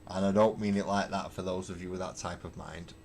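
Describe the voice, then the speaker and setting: A man with a deep voice rambles through viewer comments on his livestream, wry and thinking out loud between fillers. He talks into a webcam mic in his hobby room at home, with a faint hiss behind him. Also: steady tone, fairly quick. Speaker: livestreaming miniature painter. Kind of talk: casual livestream chat, answering viewer comments.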